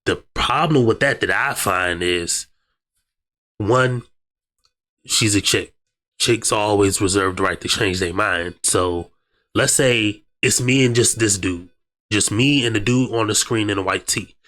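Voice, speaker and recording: A young man with a fairly low voice and a cold, talking loosely in slang as he reacts to a video. He speaks straight to his viewers in a relaxed, offhand way. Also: measured pace. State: sick with a cold. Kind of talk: casual reaction commentary.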